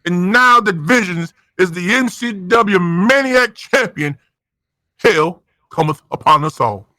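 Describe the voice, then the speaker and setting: A man doing over-the-top comedic wrestling commentary, dramatic and excitable. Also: high-pitched, takes it slowly, no echo.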